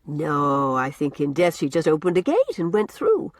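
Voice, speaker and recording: A woman's voice: low-pitched, wildly swooping pitch, moderate pace, no room sound, heavily acted. A woman voicing a dreamy, imaginative doctor's wife who speaks wistfully.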